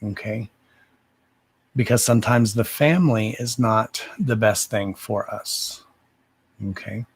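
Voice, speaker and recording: A man hosting a live psychic reading stream, answering viewers slowly and deliberately and often calling them "darling". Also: on the low side, slightly rough, no room sound. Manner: slow and deliberate, calls viewers "darling", says "okay" again and again.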